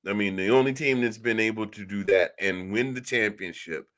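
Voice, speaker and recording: A low-voiced man chatting casually as a sports show co-host, joking and often tripping over his words. His tone is bright and forceful. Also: moderate pace. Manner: joking, stammering restarts.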